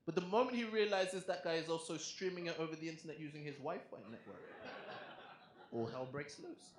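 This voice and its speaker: A man's voice: on the high side, brisk, very noisy. A young man with an English accent performing a stand-up comedy set in a club, talking to the crowd in a punchy, conversational way. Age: young adult. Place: comedy club in front of a live audience. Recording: echoey club room with audience laughter.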